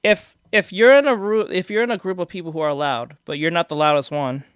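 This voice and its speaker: A man with a fairly high, slightly bright, clean voice chats casually on a live stream at a somewhat quick pace, reacting to viewer comments. He rambles through explanations, restarts sentences, and laughs at his own jokes. A desk microphone gives clean studio sound with no room noise.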